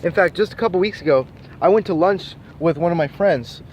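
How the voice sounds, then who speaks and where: A man's voice: high-pitched, fairly quick, noisy background. A man vlogging an angry, profane rant straight to camera, insulting and emphatic. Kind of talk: angry ranting monologue to camera.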